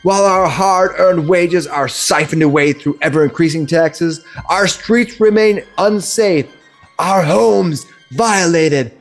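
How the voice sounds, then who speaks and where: A man playing a booming noblewoman orator. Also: takes it slowly, soft background music. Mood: rabble-rousing. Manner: booming, magically amplified oratory. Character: scheming female noble rousing a crowd.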